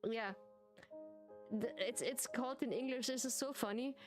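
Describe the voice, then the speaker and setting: A woman's voice: fairly high pitch, music in the background. Giggly German-accented woman streamer. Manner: giggly, halting, repeats words. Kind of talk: casual live-stream chat.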